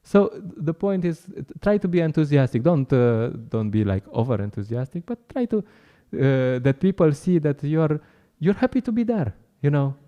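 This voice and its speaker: A man's voice: on the high side, big pitch swings, normal speed, few pauses, lo-fi sound. A man giving an informal, chatty talk at a temple class, laughing often and acting out encounters with people on the street.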